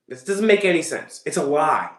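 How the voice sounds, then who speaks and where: Sarcastic high-voiced man in an echoey room. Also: big pitch swings, normal speed. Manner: sarcastic, mocking. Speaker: commentary host. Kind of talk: reaction commentary.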